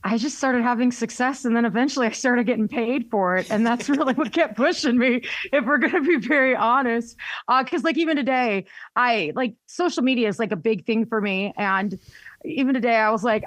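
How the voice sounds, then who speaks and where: A woman's voice: a little high, fairly quick, fairly bright tone, no echo. A young woman with a Southern US accent, a radio personality chatting casually in an interview, full of fillers. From North Carolina, US. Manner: chatty, frequent "like" fillers, laughs often.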